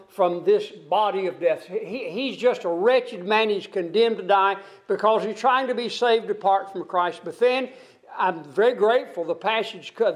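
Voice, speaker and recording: A man preaching an expository sermon, reading scripture aloud and explaining it verse by verse, asking his listeners questions. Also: sits high. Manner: asks the congregation questions.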